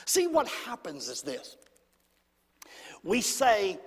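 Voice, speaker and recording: A man's voice: high-pitched, expressive, measured pace, fairly bright tone. A man preaching a sermon in a church, calling on the congregation to say amen. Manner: call-and-response, demanding amens. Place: church sanctuary. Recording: long church reverb.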